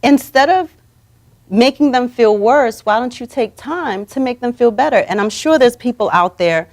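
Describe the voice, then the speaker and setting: Woman, talk show host, lively swooping voice, fairly high, coaching guests to repeat affirmations. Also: moderate pace. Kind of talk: motivational talk show chat. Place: studio or room, streamed live.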